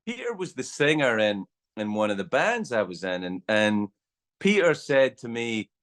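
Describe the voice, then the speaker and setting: Animated man telling stories. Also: mid-range voice, moderate pace. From Scotland. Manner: animated storyteller, acts out voices. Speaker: guest. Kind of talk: casual storytelling in a podcast chat.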